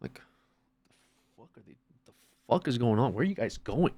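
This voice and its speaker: A man's voice: mid-range voice, very animated, brisk, dark tone. A man streaming, chatting casually, swearing often and acting out little scenes. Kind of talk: casual chat.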